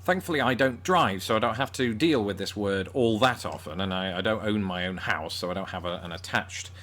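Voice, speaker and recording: A man's voice: fairly low pitch, a little fast, fairly bright tone. A man with a northern English accent presenting a scripted video with dry, self-deprecating humour. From northern England. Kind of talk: scripted comedic commentary.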